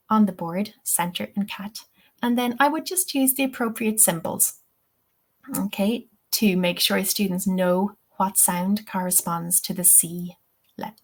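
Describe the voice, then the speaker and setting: A woman teaching English-teacher trainees in a webinar, explaining patiently step by step and often saying "okay" and "um". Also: medium pitch. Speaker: TEFL trainer.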